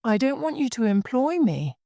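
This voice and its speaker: A woman's voice: high voice, big pitch swings, normal speed, dark tone, no room sound, voice pushed up. Woman doing a curious young girl. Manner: polite, puzzled questioning.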